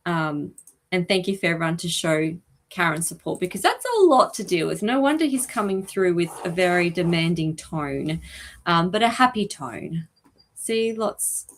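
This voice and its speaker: A woman hosting a live stream as an animal communicator, talking gently and chattily with many ums and asides. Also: fairly low pitch, big pitch swings, moderate pace. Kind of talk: live-stream reading for viewers.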